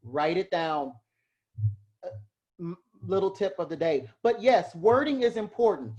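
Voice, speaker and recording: Man, heraldry class instructor, casual lecture, lively rising-and-falling voice, self-deprecating, laughs easily. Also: high voice, measured pace, muffled recording.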